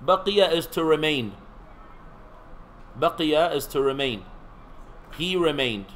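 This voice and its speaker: Taking his time with long pauses, a seminary teacher with a somewhat high voice leads an easygoing lecture. He quizzes the students in the room and tosses in playful remarks, all over a faint hiss in a rough recording.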